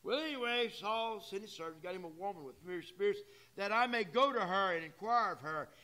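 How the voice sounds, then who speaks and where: His voice sits high, expressive and sharp, moving a little fast as this pastor delivers a church sermon. Plain-spoken and emphatic, he addresses the congregation directly, dropping in folksy asides.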